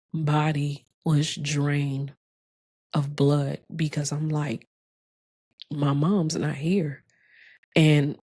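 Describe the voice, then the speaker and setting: A low-voiced woman in her forties, tells a heartfelt personal story. She speaks slowly and reflectively, pausing and restarting as she goes. The recording is dry and close. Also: darkish tone, no echo. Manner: slow, reflective and heartfelt, with frequent pauses and restarts. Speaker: host sharing a personal story.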